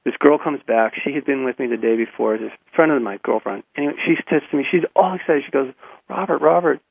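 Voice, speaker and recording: A man guest telling a personal story in a radio interview, halting and repeating his words, with frequent chuckles, over a phone line. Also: medium pitch, gravelly, no echo.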